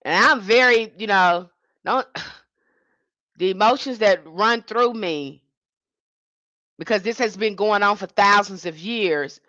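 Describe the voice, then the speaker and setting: Woman for a livestream rant: indignant and emphatic, bright sharp tone, dry lo-fi mic. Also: medium pitch, takes it slowly, long pauses, dry recording. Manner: emphatic, indignant, with frequent restarts. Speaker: livestream host. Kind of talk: impassioned livestream monologue.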